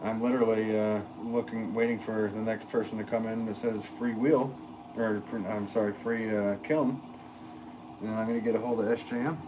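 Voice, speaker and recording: Speaking at a moderate pace in a fairly low voice, a middle-aged man rambles casually during a pottery livestream. He reads viewer comments aloud, restarting and using fillers often, while steady noise lingers behind him in the pottery studio.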